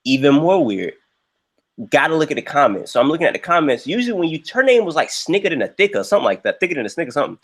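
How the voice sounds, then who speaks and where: A young man hosting a livestream, telling a story in a casual, animated way and jumping into high voices when he quotes people. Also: rapid-fire. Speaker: livestream host.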